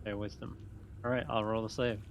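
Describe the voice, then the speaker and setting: A man narrating and ruling as game master in a relaxed, chuckling way. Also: lowish voice, fast talker, crowd noise.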